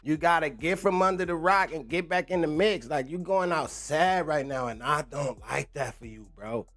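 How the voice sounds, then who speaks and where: A man's voice: on the high side, normal speed, a bit bright. A young man, ranting casually on a livestream, slangy and laughing often. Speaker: livestream host.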